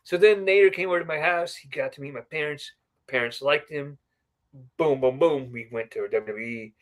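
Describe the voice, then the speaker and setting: A fairly high-voiced man in a podcast chat, spinning a long story with asides. He keeps tagging his sentences with a quick "right?". His tone stays easygoing and conversational. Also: a bit bright. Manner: often ends remarks with a questioning "right?"; chatty, rambling with asides. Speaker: podcast guest. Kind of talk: casual storytelling.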